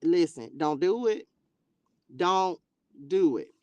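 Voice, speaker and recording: A woman voicing the Lord as a patient, all-knowing male figure who speaks in a plain, folksy way and warns gently. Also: on the low side, expressive, slow, clear, resonant tone, no room sound, highs cut off, voice pushed down. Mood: pleading. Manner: conversational, warning, folksy.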